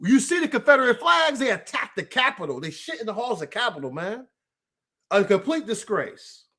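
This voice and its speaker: High-voiced man ranting, profane and heated. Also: big pitch swings, normal speed, pushed and bright. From United States. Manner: addresses an absent rival directly. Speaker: political commentary host. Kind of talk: livestream rant.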